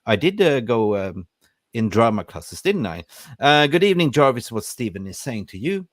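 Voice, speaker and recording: A man's voice: mid-range voice, very animated, moderate pace, dry recording, clean studio sound. A man hosting a live fan podcast, reading out and greeting viewers from the chat with energy. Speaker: podcast host.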